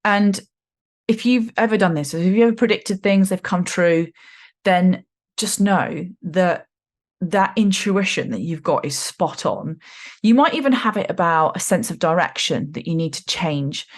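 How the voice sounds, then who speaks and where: A woman in her forties hosting a podcast, talking in a chatty, animated way with slangy asides. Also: on the low side, a little slow. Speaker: podcast host. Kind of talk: casual spiritual podcast monologue.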